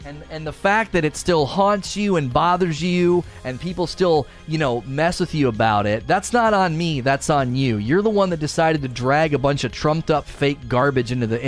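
A man's voice: a little high, moderate pace, soft background music. A man streamer in a heated, defensive monologue, repeating himself as he vents. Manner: indignant, defensive, repetitive. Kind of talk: ranting monologue.

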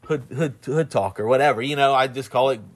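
Halting man with a Southern twang. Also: mid-range voice. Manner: rambling, halting, many restarts; laughs often while telling stories. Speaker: husband and father. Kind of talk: casual chat.

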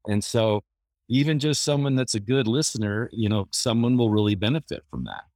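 A man's voice: medium pitch, lively intonation, a little fast, a little mellow, no room sound. A man who works as a therapist, telling anecdotes in an easygoing, casual way with plenty of fillers. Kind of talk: casual storytelling.

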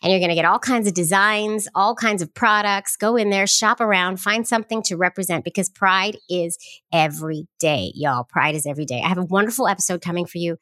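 A woman's voice: lowish voice, fairly quick, pushed and bright, dry recording. A woman hosting a podcast, bubbly and effusive, talking close to the mic. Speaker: podcast host. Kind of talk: enthusiastic podcast interview.

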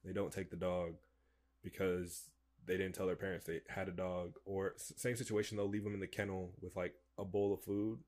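A young man co-hosting a podcast, chatting in a relaxed, slangy way and quoting himself as he tells stories. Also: sits low, normal speed. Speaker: podcast co-host. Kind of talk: casual chat.

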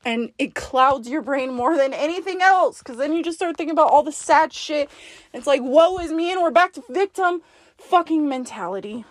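A woman with a high voice delivers a forceful, profane pep talk to herself, speaking in the second person. She is blunt and insistent. The recording is dry and close. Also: expressive, moderate pace, no room sound. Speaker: podcast host. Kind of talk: self-directed pep talk monologue.

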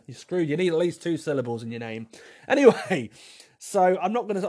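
Solo on his podcast, a man with a fairly high, darkish voice answers listener questions in a casual, rambling way, often repeating himself and mocking himself wryly.

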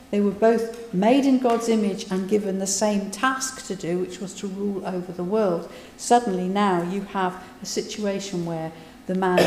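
A woman preaches in a relaxed, conversational way, retelling scripture and adding her own asides. Her voice is mellow and warm. It rings with long reverb across a large hall. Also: medium pitch, slight background noise. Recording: echoey hall, voice from a distance.

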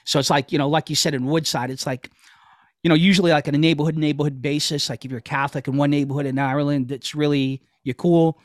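A man's voice: fairly high pitch, steady tone, quick pace, no room sound, clean studio sound. A man co-hosting a casual chat podcast, telling rambling stories with plenty of swearing. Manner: rambling storyteller, swears freely. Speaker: podcast co-host.

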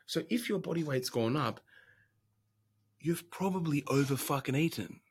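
Husky, foul-mouthed male fitness coach; blunt, brash, swings from loud rant to mutter. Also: a little high, normal speed. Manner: profane, brash, animated, rants then drops to whispers. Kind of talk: blunt casual monologue.

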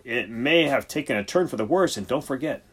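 Man doing an exasperated senior vet, husky, lively pitch, preachy, theatrical, audiobook. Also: a little fast. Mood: lecturing. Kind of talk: audiobook character voice.

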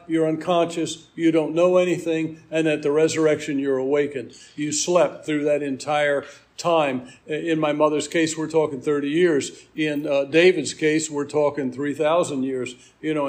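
A man's voice: a little high, level tone, normal speed, a little mellow. A man preaching a sermon, explaining scripture in an earnest teaching manner.

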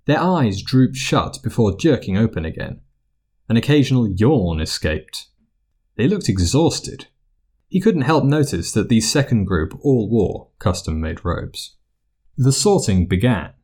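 A man narrating fiction aloud as an audiobook in an expressive storytelling manner. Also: low voice, a little slow.

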